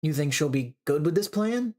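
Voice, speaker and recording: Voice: mid-range voice, lively intonation, moderate pace, darkish tone, lightly acted. A reader voicing a male police detective who sounds incredulous and exasperated.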